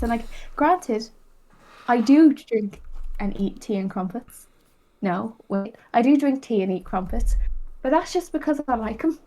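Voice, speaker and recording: A woman's voice: fairly high pitch, expressive, measured pace, warm tone, poor audio. An English-born woman whose accent carries a touch of Irish talks in a loose, rambling way. She fills her sentences with "like" and laughs readily as a podcast guest. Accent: English with an Irish tinge. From England. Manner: chatty and rambling, many "like" fillers, laughs easily. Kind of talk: casual chat.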